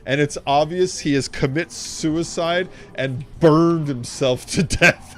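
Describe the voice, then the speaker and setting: A man streaming a video game, chatting casually in a rambling, profane, animated way. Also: a little high, slow, hardly any pauses, slight background noise. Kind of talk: casual gameplay commentary.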